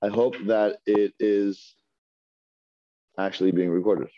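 A man's voice: on the low side, fairly even intonation, slow, dry recording, dull audio. A man teaching a Hebrew reading class, patiently sounding out syllables one by one for his students. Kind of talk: classroom lesson. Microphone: earpiece mic.

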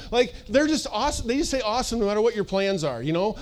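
Man preaching to a congregation, chatty and animated, voice slightly high. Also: quick pace, few pauses. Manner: casual, animated, acts out voices, laughs often. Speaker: pastor. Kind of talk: sermon. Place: church service.

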